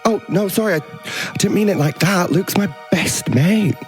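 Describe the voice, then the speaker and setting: A man's voice: normal speed, soft background music, lightly acted. A man voicing Clyde, an enthusiastic teenage boy with a northern English accent, reading a scene aloud. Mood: youthful, eager. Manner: high bright eager read.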